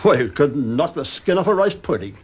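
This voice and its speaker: A man's voice: fairly high pitch, very animated, normal speed, husky, voice pushed up. An older man voicing a big bullying cockerel who talks down with scorn. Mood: sneering. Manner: sneering, scornful.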